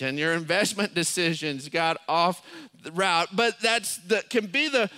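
Bright, high-voiced male pastor preaching. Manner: storytelling with lively acted quotes and rising, shouting peaks. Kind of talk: sermon.

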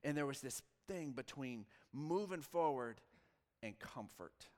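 A man in his forties, a pastor telling a long personal story in a sermon, shifting from lively quoted dialogue to hushed asides. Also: mid-range voice, unhurried. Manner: storytelling, animated with quoted dialogue and sudden drops to quiet. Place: church sanctuary. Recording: long reverb of a large church hall.

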